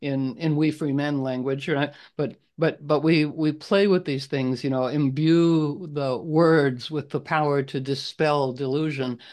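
A man leading a casual group video call, rambling with many restarts and frequent throat clearing. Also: on the high side, fairly even intonation, unhurried, hardly any pauses, a little mellow. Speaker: group leader.

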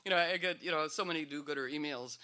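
A man's voice: fairly high pitch, fast talker, bright, forceful tone. A man speaking to a live audience in a meandering, playful way, full of fillers and restarts. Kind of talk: rambling, humorous talk to an audience.

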